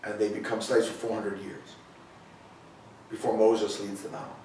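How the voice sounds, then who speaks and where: A man's voice: on the low side, level tone, a little slow, dark tone, a little hiss or hum. A man preaching a sermon in a conversational way, retelling scripture with frequent restarts. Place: sanctuary hall. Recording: very echoey room, voice from far off.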